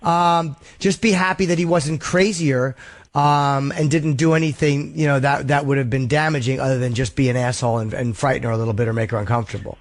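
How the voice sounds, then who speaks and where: A man's voice: medium pitch, fairly even intonation, a little fast. A man hosting a call-in podcast, giving blunt, profane advice to callers. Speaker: podcast host taking calls.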